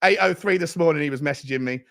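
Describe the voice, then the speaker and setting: A man hosts a fan livestream in an excitable, slangy way. His voice sits high and has a gravelly, fried edge. He rattles through viewer messages with plenty of hype. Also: fast. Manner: excitable, hyped, slangy banter. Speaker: fan show host. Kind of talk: livestream chat reading super chats.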